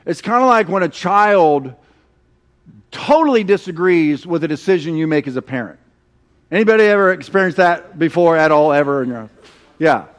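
A middle-aged man preaching a sermon, telling stories with animated, acted-out quotes. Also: fairly high pitch, moderate pace. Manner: animated storytelling, acting out quoted voices. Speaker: pastor.

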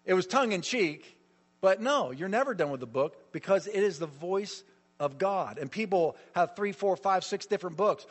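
Middle-aged male pastor, fairly high voice, emphatic storyteller, recorded in a reverberant hall. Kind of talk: sermon.

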